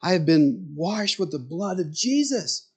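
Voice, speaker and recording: A man voicing a reformed friend in a sermon, raising his pitch to sound eager and sincere. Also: lively intonation, measured pace, a little mellow, breathy edge, heavily acted. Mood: earnest. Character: earnest grown man, reformed and humbly joyful.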